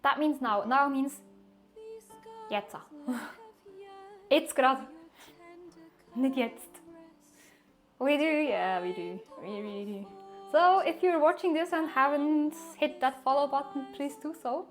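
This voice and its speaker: Lady streaming, high voice, rambly chatty, faint music behind. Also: expressive, slow pace, long pauses. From Switzerland. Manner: chatty and rambling, laughs often, self-mocking. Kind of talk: casual live-stream chat to viewers.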